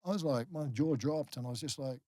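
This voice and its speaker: A man's voice: mid-range voice, dark tone, no room sound. Earnest Australian man, dry close sound. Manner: halting, many restarts, earnest. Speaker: guest, former rugby league player. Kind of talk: candid personal storytelling.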